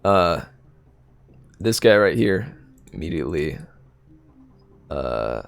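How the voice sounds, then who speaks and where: Male game master, unhurried, relaxed, filler-heavy narration. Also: deep voice, creaky. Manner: relaxed, hesitant, many fillers.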